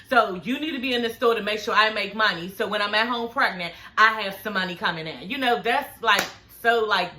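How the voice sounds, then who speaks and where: Sassy, bright-voiced woman in her forties. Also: a little high. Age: 40s. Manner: sassy, profane and animated, with frequent "honey" and "girl". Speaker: reality TV recap vlogger. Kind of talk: casual chat.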